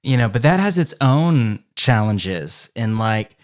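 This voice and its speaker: A man's voice: mid-range voice, big pitch swings, slow pace. A man who is a former lead pastor, chatting candidly in a podcast conversation, agreeing readily and laughing easily.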